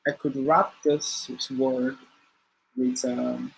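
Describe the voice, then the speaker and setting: A man walks through a coding tutorial at a middle pitch, thinking aloud with frequent fillers and restarts. A faint noise hums under his voice. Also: very animated, extremely slow, vocal fry, poor audio. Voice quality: hesitant, many fillers and restarts while explaining. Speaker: coding instructor. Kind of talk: screen-share coding tutorial.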